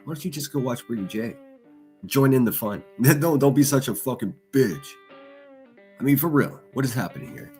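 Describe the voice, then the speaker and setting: A man's voice: medium pitch, lively intonation, normal speed, a little mellow, soft background music. Sneering man mocking on a livestream. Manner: insulting, sneering, laughs at own jokes. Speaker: livestream host. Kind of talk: crude mocking livestream commentary.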